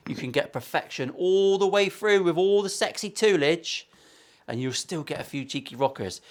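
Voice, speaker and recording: A man in his forties with an English West Country accent, a guitar maker chatting through a workshop build with cheeky, sweary, self-mocking banter. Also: medium pitch. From England. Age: 40s. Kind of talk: casual workshop vlog.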